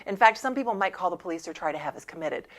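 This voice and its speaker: A woman's voice: on the low side, expressive, rapid-fire. Punchy woman sales coach. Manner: emphatic, punchy coaching delivery. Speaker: sales trainer and show host. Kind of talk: scripted sales training talk.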